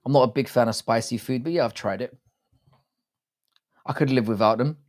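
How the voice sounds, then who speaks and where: A man's voice: medium pitch, fairly quick, a little mellow. Foul-mouthed British man chatting on stream. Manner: crude, swears often, greets chat by name. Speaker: live-stream host. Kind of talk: casual live-stream chat.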